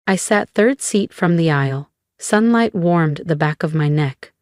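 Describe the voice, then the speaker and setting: A woman narrating a first-person revenge story with a cool, measured delivery and deliberate pauses. Her voice sits fairly low, and the recording is close and dry with no room sound. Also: expressive, darkish tone, dry recording.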